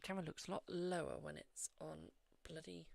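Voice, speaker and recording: Very gravelly man reading tarot. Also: a little high, steady tone, a little fast, no room sound. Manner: affectionate, calls viewers "my darling". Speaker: tarot reader hosting a live stream. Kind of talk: casual live-stream tarot readings.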